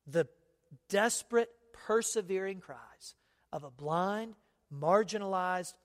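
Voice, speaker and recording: High-voiced preacher in a reverberant hall. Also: male voice. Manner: emphatic preaching, rhetorical "right?" asides. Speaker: pastor. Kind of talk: sermon.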